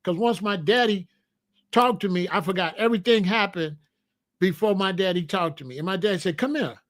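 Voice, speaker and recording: Male host, high voice, preachy and repetitive, casual monologue. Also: fairly quick, fairly bright tone. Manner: preachy, repetitive, emphatic advice to men.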